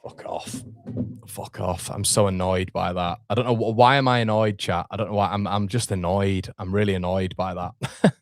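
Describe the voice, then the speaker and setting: A man's voice: sits low, steady tone, fairly quick, dry recording, clean studio sound. A young man hosting a live fan watchalong, reacting with frustration and swearing as he talks to his chat.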